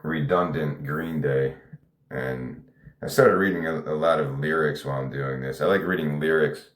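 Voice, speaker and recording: A man's voice: a bass voice, fairly even intonation, moderate pace, reverberant. A man hosting his own podcast, talking off the cuff in a rambling, self-deprecating way and laughing often. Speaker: podcast host. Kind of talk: casual solo monologue.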